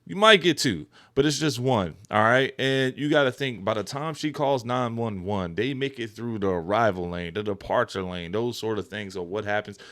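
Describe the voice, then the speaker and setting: A middle-aged male host chats casually, his voice low for a man. He reacts with animated, loosely phrased comments and often jumps up in pitch and loudness. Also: moderate pace, few pauses. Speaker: podcast host. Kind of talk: casual chat.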